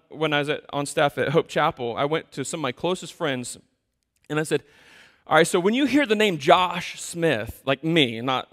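A man preaches in a church sanctuary, his fairly high voice ringing out with long reverb. He talks like he is chatting, poking fun at himself and acting out the stories. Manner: conversational, self-deprecating, animated storytelling. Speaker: pastor. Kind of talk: sermon.

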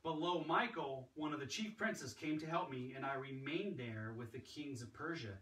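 A man's voice: mid-range voice, moderate pace, a bit bright. A man preaching a sermon in a church, with a conversational manner and acted-out quotes. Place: church sanctuary. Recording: echoey hall, distant mic, background noise.

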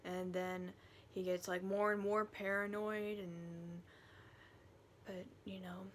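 A woman talking through her monthly reading in a chatty, animated book review vlog, now and then dropping to a whisper. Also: mid-range voice, takes it slowly, slight background noise.

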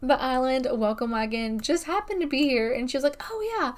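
A young woman hosting a gaming video, chatting excitedly through her gameplay with frequent exclamations. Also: high voice, brisk. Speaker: gaming channel host. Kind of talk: casual game commentary.

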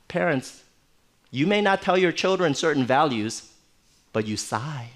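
Middle-aged male pastor, chatty sermon style, slightly high voice that moves a lot. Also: unhurried, pauses often. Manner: conversational, animated storytelling with playful asides. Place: church.

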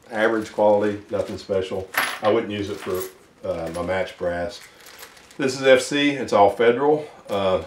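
Low-voiced man talking shop, roomy sound. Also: recorded from a distance, slight background noise. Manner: unhurried, thinking aloud with many fillers. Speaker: ammunition reloading hobbyist. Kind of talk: casual instructional talk. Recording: roomy sound, mic set back.

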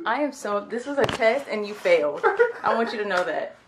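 A woman's voice: mid-range voice, animated, fairly quick, reverberant, noisy background. A young woman vlogger in casual couple chat, playfully indignant and complaining. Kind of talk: casual couple prank vlog.

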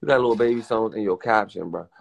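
Fast-talking gravelly man ranting. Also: on the low side, muffled recording. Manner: profane, emphatic, repetitive; acts out others' lines in quick put-on voices. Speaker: live-stream host. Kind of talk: casual live-stream rant.

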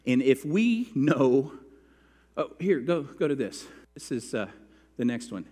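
A man's voice: mid-range voice, lively intonation, measured pace, mellow. A man pastor delivering a sermon in a church sanctuary. His voice sits in the middle range, and a long reverb hangs after each phrase. He tells stories and acts out the quotes in them. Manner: storytelling with acted-out quotes.

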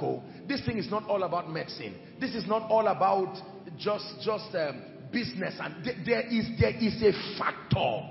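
Impassioned preacher in an echoey hall. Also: male voice, high voice, creaky. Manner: impassioned preaching with shouted peaks. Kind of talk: sermon. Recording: echoey hall, dull sound, music behind. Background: music.

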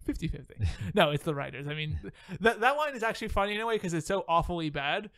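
A man hosting a podcast in casual chat, animated, laughing often and swearing casually. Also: sits high, fast, no room sound. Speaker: podcast host.

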